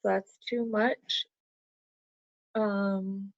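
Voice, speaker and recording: A woman's voice: medium pitch, little pitch movement, very slow, gravelly, long pauses, no echo. A woman teacher talking through an online class lesson, patiently explaining step by step and counting syllables aloud. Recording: dull lo-fi computer audio.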